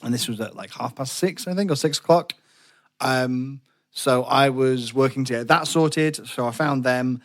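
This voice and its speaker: A man's voice: medium pitch, normal speed. A British man co-hosting a podcast, casually talking through his plans at a live-action role-play event. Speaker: podcast co-host. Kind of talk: casual chat about a larp event.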